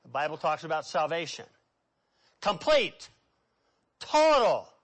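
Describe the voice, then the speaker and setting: A man preaching a sermon with dramatic swings between hushed and loud delivery. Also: high-pitched, very animated, slow.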